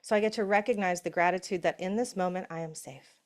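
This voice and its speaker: Middle-aged woman, motivational summit talk, chatty with frequent "right?", drops to soft hushed affirmations. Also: lowish voice, quick pace. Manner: warm, conversational, often asks "right?". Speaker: summit speaker. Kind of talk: motivational talk on breath and safety.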